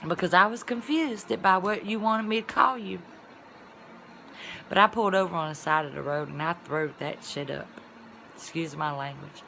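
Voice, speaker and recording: A woman chatting straight to her viewers with a bright, forceful voice, spinning a rambling personal story. She talks loosely and conversationally and now and then bursts into loud exclamations. There is a faint noise behind her. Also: fairly low pitch, moderate pace, gravelly. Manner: animated, colloquial storytelling with sudden loud exclamations. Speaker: vlogger. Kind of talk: casual storytelling vlog.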